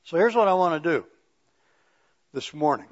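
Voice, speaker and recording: A man's voice: fairly high pitch, animated. Man preaching conversationally, muffled recording. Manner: conversational preaching, reads scripture slowly and emphatically. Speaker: pastor. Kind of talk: sermon. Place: church sanctuary with pews.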